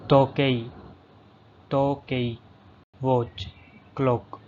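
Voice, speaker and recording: Very slow man drilling vocabulary. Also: medium pitch, flat delivery, a little mellow. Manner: says each word twice, then the English. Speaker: language teacher. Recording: slightly dull lo-fi recording, faint background hum.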